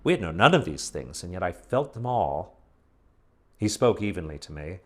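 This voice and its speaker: A man reads a story aloud in a fairly low voice that rises and falls dramatically. His delivery is expressive and theatrical. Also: moderate pace. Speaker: narrator. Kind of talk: dramatic audiobook reading.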